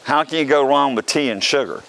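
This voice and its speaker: Talking casually to camera, this joking vlog host hails from the South Carolina coast, with a faint background hum audible. He speaks a little fast in a mid-range, somewhat bright voice with vocal fry.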